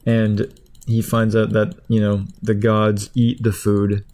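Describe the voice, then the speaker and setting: A man's voice: fairly low pitch, monotone, slow, a little mellow. A man casually retelling a story in a meandering, chuckling way, with lots of fillers. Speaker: video creator. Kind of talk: casual rambling plot retelling.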